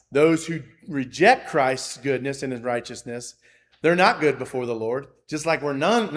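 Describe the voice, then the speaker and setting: A man preaching a sermon, reading scripture with rising emphasis and often repeating his phrases. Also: medium pitch. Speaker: pastor.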